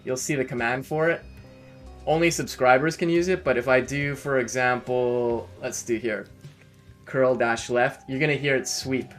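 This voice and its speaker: A man's voice: medium pitch, fairly even intonation, moderate pace, soft background music. A Canadian man streaming a live coding session, thinking aloud and correcting himself as he types commands. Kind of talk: casual live-coding narration.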